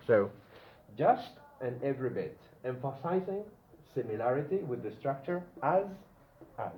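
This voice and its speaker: Lively male teacher in an echoey classroom. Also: medium pitch, a little hiss or hum. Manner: checks in with the class, stretches out example words. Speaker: English teacher. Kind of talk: classroom grammar lesson. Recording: dull lo-fi classroom recording with room echo.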